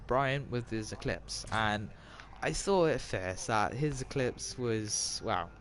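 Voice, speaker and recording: A man's voice: medium pitch, slow. A man gives casual gameplay commentary, retelling a film in a rambling way full of restarts and asides. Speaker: gamer retelling a film while playing. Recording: loud car and game noise behind.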